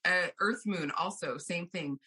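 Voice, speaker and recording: Animated bright-voiced woman astrologer. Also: lowish voice. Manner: animated and expressive, quick to laugh and act out others. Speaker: astrologer guest. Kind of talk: casual interview chat.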